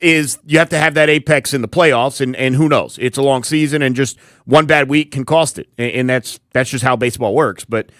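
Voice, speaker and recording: A man's voice: medium pitch, fairly quick, hardly any pauses, a bit bright, no room sound, studio quality. A man co-hosting a sports radio show, thinking aloud and often repeating words as he talks. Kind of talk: casual sports talk.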